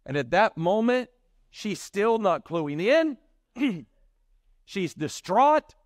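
A man preaching a sermon, telling the story in animated fashion and acting out the voices of its characters. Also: sits high, slow pace, no echo, studio quality. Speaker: pastor.

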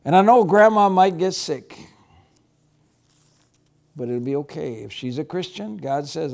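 A man teaching a children's church Bible lesson, gently reassuring as he tells the story and prays. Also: on the high side, animated, a little slow, gravelly, pauses often.

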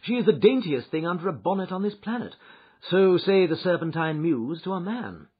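A man with a high, husky voice reads an audiobook at a moderate pace, voicing a shrewd male detective who recounts his adventure with lively, wry, amused storytelling. The recording is dull and lo-fi.

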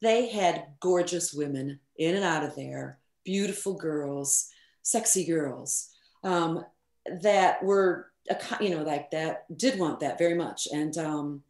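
A middle-aged woman, a recording engineer, telling stories in a casual interview. She speaks in a frank, animated way, swears casually and uses many fillers. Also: deep voice, slow. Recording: roomy echo.

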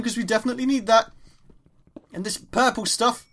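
A young man with an English accent giving chatty, excitable let's play commentary as he mines, exclaiming at each new find. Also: high voice, fairly quick. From England. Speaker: gaming YouTuber.

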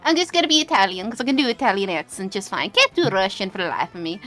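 A woman's voice: medium pitch, very animated, fast, few pauses, fairly bright tone, faint music behind. A woman streamer chatting casually while playing a game, giggly and rambling. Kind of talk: casual gaming stream chat.

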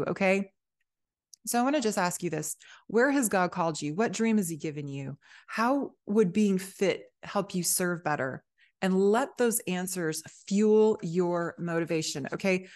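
A woman with a slightly low-pitched voice hosts a faith-based fitness podcast. She talks straight to her listeners in an exuberant, preachy pep-talk style and keeps calling them sister. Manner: reads scripture aloud. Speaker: podcast host.

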